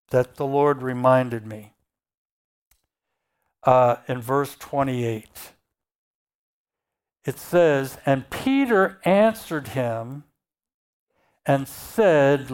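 Slow, deliberate preacher expounding scripture. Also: medium pitch, a little mellow, clean tone. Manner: reads scripture aloud and then explains it, repeating key phrases. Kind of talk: sermon.

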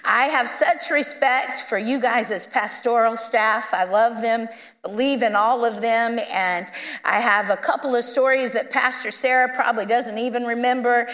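A woman guest minister telling a story in a sermon, lively and conversational, acting out the people she quotes. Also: fairly high pitch, normal speed, big-room sound. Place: church sanctuary.

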